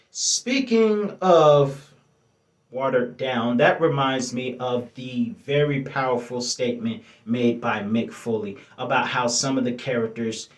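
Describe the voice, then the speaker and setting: A man reviewing a wrestling show for his viewers in a casual, enthusiastic way, often stopping to correct himself. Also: mid-range voice. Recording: echoey room.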